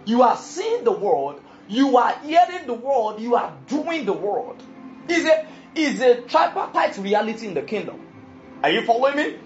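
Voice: mid-range voice, very animated, moderate pace, soft background music. A preacher giving an emphatic sermon and often asking the congregation if they follow. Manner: emphatic, keeps asking the audience questions. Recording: dull lo-fi recording.

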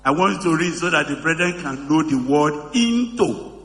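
A man preaching a sermon to a congregation, asking them questions again and again, his voice leaping to high shouts and dropping to low murmurs. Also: animated, normal speed. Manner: asks the congregation questions over and over. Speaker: pastor. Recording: echoey hall reverb.

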